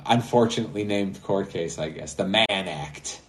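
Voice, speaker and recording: A man's voice: low voice, normal speed. A man co-hosting a call-in podcast, talking casually and rambling with lots of fillers, laughing at his own jokes. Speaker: podcast co-host. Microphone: remote call-in app.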